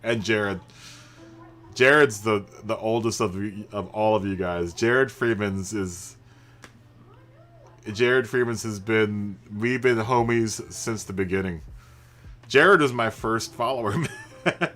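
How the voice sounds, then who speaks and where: A man's voice: fairly low pitch, takes it slowly, long pauses, a bit bright. A man hosting a racing game live stream, chatting casually with viewers, greeting them by name and laughing often. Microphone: studio microphone through a mixer.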